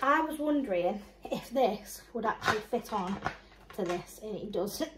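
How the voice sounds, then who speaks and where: A woman's voice: medium pitch, expressive, a little slow, very noisy. A young woman and mum chatting casually through a shopping haul, rambling along and listing prices with small laughs. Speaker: mum and vlogger.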